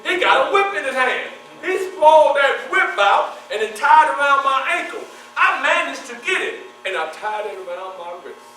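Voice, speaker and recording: A man with a very high, ringing voice tells a dramatic first-person story to a live audience, firing questions at the crowd and answering them himself. He sounds far from the mic in a very echoey hall. A faint mains hum sits under his voice. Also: sing-song, moderate pace, few pauses, pushed and bright. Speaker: historical reenactor performing in character.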